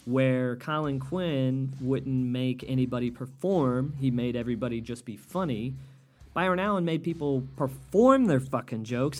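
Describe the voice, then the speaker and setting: A man's voice: medium pitch, animated, normal speed, a little mellow, soft background music. Profane ranting male podcast host. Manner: profane, heated ranting with mocking impressions. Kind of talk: solo comedy podcast rant.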